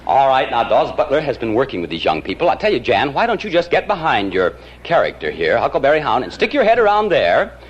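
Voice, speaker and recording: A man's voice: medium pitch, wildly swooping pitch, fast, hardly any pauses, lo-fi sound. A jovial man hosting a live children's show, coaxing and chuckling as he talks. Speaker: TV show host.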